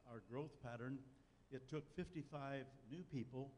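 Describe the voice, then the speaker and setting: In a church sanctuary full of long reverb and faint ambience, an older pastor preaches at a normal pace. His medium-pitched voice is a little mellow, and he shares a personal story folksily, with dry wit.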